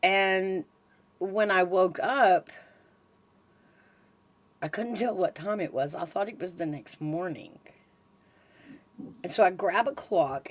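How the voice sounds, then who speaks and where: A woman co-hosting a casual podcast chat, telling a story with lots of laughter. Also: mid-range voice. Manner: laughs often, animated storytelling. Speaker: podcast co-host.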